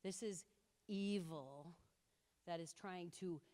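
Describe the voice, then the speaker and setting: A woman giving an impassioned talk to an audience, telling stories with lively quoted voices. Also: on the low side, slow. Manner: animated storytelling with quoted voices. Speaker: speaker. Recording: reverberant hall.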